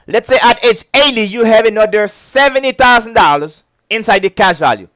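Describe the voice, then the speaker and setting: High-voiced chatty male instructor. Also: fairly quick, fairly bright tone, no room sound. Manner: chatty, keeps checking "okay?", breaks into giggles. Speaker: insurance licensing instructor. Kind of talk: casual whiteboard lecture.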